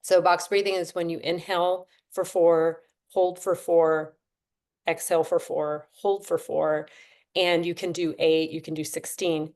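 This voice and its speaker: A breathwork instructor leads a breathing class over a video call, chatty and encouraging as she counts everyone through each step. Her voice is lowish with a darkish tone.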